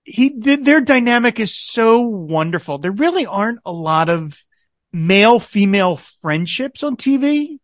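A man's voice: high-pitched, measured pace, no room sound. Chatty, laughing man with a dry sound. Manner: animated, laughing often, quoting characters. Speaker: podcast co-host. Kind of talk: casual chat recapping a TV episode.

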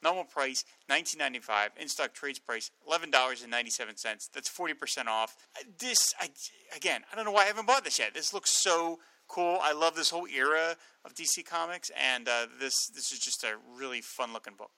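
A man's voice: fairly high pitch, animated, fairly quick, pushed and bright, no room sound, rough recording. A man co-hosting a comic book podcast, chatting casually with fillers and laughs. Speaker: podcast co-host.

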